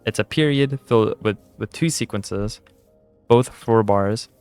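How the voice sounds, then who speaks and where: A man's voice: fairly low pitch, measured pace, a little mellow, clear, resonant tone, soft background music. A tired young man chatting casually while playing a game, rambling and self-deprecating. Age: young adult. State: tired, yawning. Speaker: gaming channel host. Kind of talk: casual gameplay commentary.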